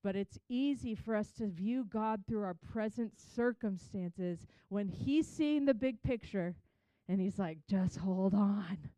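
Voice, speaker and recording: A woman's voice: medium pitch, a little slow, dark tone, smooth, no echo. A woman giving a chatty, conversational Bible teaching, retelling scripture in her own words.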